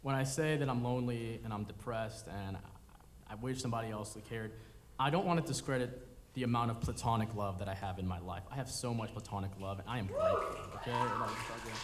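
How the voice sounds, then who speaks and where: A man's voice: medium pitch, big pitch swings, a little fast. A young man performing a confessional, rambling, self-deprecating comedy monologue live on stage. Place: performance venue in front of an audience. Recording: live hall reverb with room noise.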